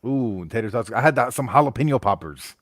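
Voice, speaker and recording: A man's voice: medium pitch, animated, fairly quick, fairly bright tone. A man from the United States hosts a loose, casual live stream, chatting with his viewers. He rambles and restarts his sentences often. The sound is dry and close, with no room echo. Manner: rambling, stumbling restarts, greets chat members.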